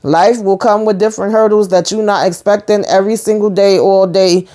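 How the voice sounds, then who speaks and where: A woman's voice: medium pitch, fairly even intonation, fairly quick, warm tone. A woman casually recapping a TV episode, retelling scenes with quoted dialogue. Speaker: TV recap host.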